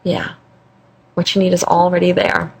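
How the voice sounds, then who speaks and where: A woman guest in an interview, telling a personal story in an animated way, laughing often and repeating phrases for emphasis. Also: on the low side, normal speed, creaky, husky. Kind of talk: conversational storytelling.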